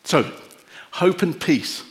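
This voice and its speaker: A middle-aged man preaching a sermon and leading a prayer, gentle and reflective with long pauses. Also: on the high side, lively intonation. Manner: emotional, easily moved.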